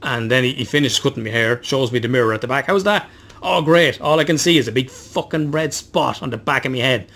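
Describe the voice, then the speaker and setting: A man's voice: mid-range voice, steady tone, quick pace, hardly any pauses, a bit bright. A man, co-hosting a podcast and telling a long rambling story, swearing constantly and poking fun at himself. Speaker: podcast co-host. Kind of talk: casual chat.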